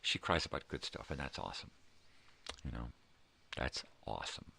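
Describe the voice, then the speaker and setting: A very deep, gravelly voice from an older man who rambles through a casual monologue. He swears freely and hammers his points with heartfelt emphasis. Lots of "you know"s fill the gaps. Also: expressive, moderate pace, pushed and bright. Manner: emotional, heartfelt. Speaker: vlogger.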